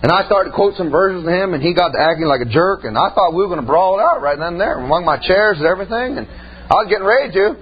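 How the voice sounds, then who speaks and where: High pitched preacher guy, folksy, lots of amens, kinda muffled with a hum underneath. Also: animated, fast. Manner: emphatic, folksy, peppered with "amen" and "man". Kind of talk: sermon. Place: church service. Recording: muffled recording with faint hum.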